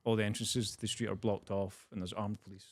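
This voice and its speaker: A man's voice: lowish voice, little pitch movement, fast talker, no room sound. A young man, a comedian guest, telling a story in casual podcast chat, laughing, swearing and acting out the people he quotes.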